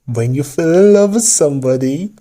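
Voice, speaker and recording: A man's voice: fairly high pitch, lively intonation, moderate pace, dark tone, natural voice. A man putting on a fake British accent to play a dreamy, lovestruck romantic for a joke.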